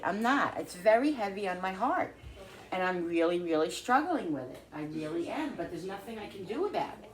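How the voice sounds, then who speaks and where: A woman talking casually to her viewers while cooking in her home kitchen, rambling and thinking out loud as she works. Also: mid-range voice, big pitch swings, moderate pace. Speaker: cooking vlogger. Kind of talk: casual cooking vlog chat.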